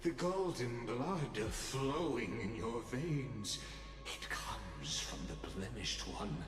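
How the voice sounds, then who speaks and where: A menacing villain demigod. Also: male voice, medium pitch, animated. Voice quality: dramatic, drawn-out delivery with villain voice. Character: grandiose male villain demigod, menacing and theatrical. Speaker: game villain. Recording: game audio with reverb and loud music.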